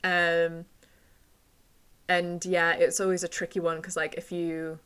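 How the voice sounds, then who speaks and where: Bright-voiced enthusiastic woman podcaster. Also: lowish voice, little pitch movement, clear, resonant tone. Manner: enthusiastic, laughing, quick agreement. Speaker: podcast co-host. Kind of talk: casual chat.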